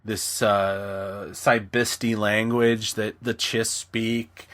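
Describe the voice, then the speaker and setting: A man's voice: on the low side, flat delivery, very slow, a bit bright. A man co-hosting a podcast, talking casually and rambling with restarts, sometimes slipping into voices. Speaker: podcast co-host. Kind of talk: casual chat.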